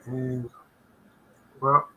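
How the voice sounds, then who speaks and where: An older man with a raspy voice, a guest accountant giving a faith-based finance talk on a video call, halting with many fillers and restarts. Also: mid-range voice, flat delivery, highs cut off.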